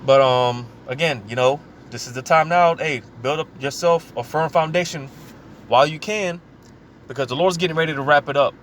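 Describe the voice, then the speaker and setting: A man preaching informally, reading scripture aloud slowly and talking casually, often saying "man" and "you know" between thoughts. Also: a little high, a bit bright, a little hiss or hum. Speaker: scripture teacher.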